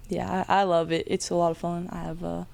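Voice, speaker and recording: A woman's voice: lowish voice, flat delivery, brisk, vocal fry, a little mellow. A young woman working as a police K9 handler, chatting casually in an interview and laughing often.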